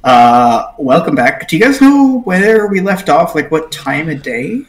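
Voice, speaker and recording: A man's voice: on the high side, big pitch swings, a little slow. Rambling man in an echoey room. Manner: rambling, joking, talks through ideas aloud. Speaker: game master. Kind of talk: casual table chat before a tabletop game. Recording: echoey room with faint noise.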